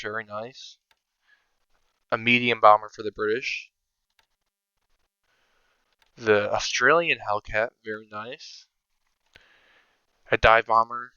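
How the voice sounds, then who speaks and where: A man's voice: on the low side, level tone, slow, long pauses, sharp tone, clean tone, no room sound, dull audio. A man giving casual, think-aloud commentary over his own strategy game, sometimes counting under his breath. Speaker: strategy game video creator.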